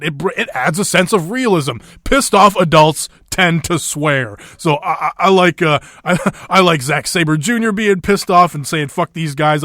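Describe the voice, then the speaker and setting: A man's voice: high-pitched, fairly bright tone, dry recording, clean studio sound. A man hosting a wrestling podcast, chatting casually with fillers and swearing freely. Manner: laid-back, swears freely, frequent fillers and laughs. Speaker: podcast host.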